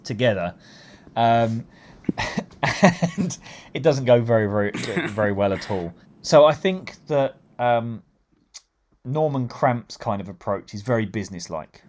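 A man's voice: mid-range voice, expressive, a little slow, a little mellow. A man riffing in a casual comedic chat, rambling with lots of fillers and amused laughs.

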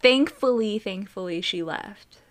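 A woman's voice: mid-range voice, measured pace. A woman in a casual podcast chat, playful and jokey, acting out quoted lines.

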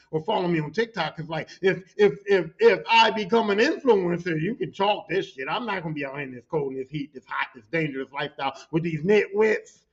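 A man's voice: high-pitched, creaky, lo-fi sound. A man hosting a podcast, telling a rowdy work story in a casual, profane monologue and acting out his coworkers' voices. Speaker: podcast host.

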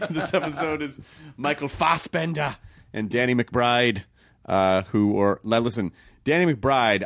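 A man's voice: fairly low pitch, a bit bright. Joking, profane male podcast host. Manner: jokey, swearing, quick riffing asides. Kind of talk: casual podcast banter and ad reads.

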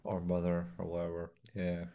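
A man with a fairly low voice chats casually, recapping a story in a loose, rambling way. He slips into quick acted-out lines and laughs as he goes. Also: completely flat delivery, mellow, clean tone. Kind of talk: casual chat recapping an episode.

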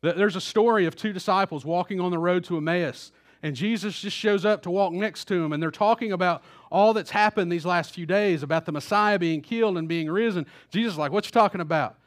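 High-voiced man preaching a casual sermon. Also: fairly quick. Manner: casual storytelling preacher, acts out quotes, repeats words. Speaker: pastor. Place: church auditorium. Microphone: stage microphone.

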